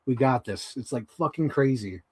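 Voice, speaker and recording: A man hosting a live stream, chatting casually about toys and podcasts in a profane, animated, rambling way. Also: mid-range voice, moderate pace, breathy edge.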